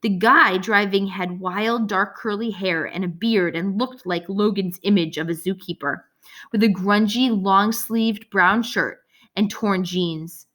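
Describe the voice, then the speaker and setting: A woman narrating a children's audiobook with a lively, expressive reading. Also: medium pitch, unhurried. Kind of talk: scripted narration.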